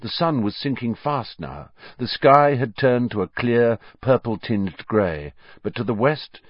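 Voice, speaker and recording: A man narrating an audiobook in an expressive storytelling manner. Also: mid-range voice, unhurried, no room sound, dull audio. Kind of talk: scripted narration.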